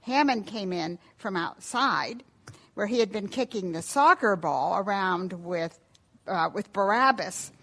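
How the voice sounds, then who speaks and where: Slow gentle lady reading a kids' bible story, calm and easy. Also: medium pitch. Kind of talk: children's devotional story reading.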